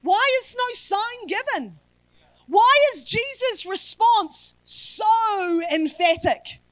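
High-voiced woman preaching with emphatic bursts. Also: expressive, no echo. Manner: emphatic, with rhetorical questions and bursts of shouting; reads scripture in a softer, slower voice. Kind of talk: sermon.

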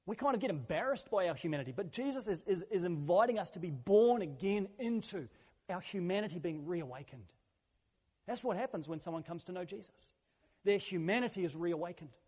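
Man, pastor, earnest conversational sermon, higher voice, long church-hall reverb. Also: lively intonation, a little fast, a little mellow, breathy edge. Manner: earnest, conversational preaching with repeated phrases.

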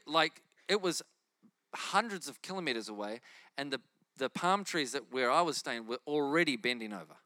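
Bright-voiced male preacher telling a story. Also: fairly high pitch, dry recording, studio quality. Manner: animated storyteller acting out his own inner voices. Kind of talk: sermon testimony storytelling.

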